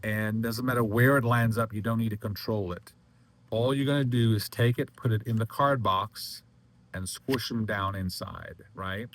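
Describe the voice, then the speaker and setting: Low-voiced man explaining a card trick. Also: fairly bright tone, a little hiss or hum. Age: adult. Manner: halting, many restarts and fillers, talks while handling props. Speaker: magic instructor. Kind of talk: casual demonstration lecture.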